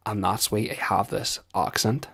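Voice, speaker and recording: A rambling young fellow with a thick Northern Irish accent , put on by a man, drifting from one tangent to the next and swearing freely. The voice sits low and gravelly with a husky edge. It comes across as a comic accent monologue. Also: measured pace, a bit bright, full character voice.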